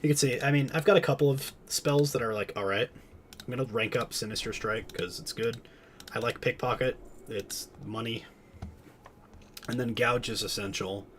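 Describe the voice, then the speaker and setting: A man's voice: mid-range voice, moderate pace, a little hiss or hum. A man streaming a game, chatting casually and explaining the mechanics as he plays. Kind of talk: casual gameplay commentary.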